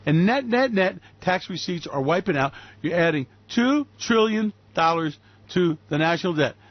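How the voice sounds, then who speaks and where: A man's voice: high-pitched, lively intonation, normal speed, dry recording, lo-fi sound. A male radio host in an angry, sarcastic, profane political rant. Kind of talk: ranting political commentary.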